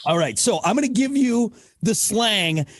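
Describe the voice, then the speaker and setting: A man's voice: high-pitched, expressive, unhurried, no room sound, clean studio sound. A man hosting a radio interview, enthusiastic and joking with his guest. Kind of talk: casual interview chat.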